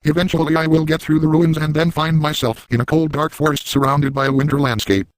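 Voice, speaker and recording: A man voicing a crude, boastful, shameless adult man, telling the story in the first person with a flat, matter-of-fact delivery. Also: on the high side, a little fast, no echo, natural voice, low-quality recording. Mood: smug.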